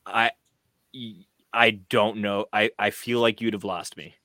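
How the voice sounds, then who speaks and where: A man's voice: on the low side, steady tone, slow, pushed and bright, no echo. A man co-hosting a casual chat who keeps restarting his sentences with stammers as he talks. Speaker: co-host reviewing wrestling.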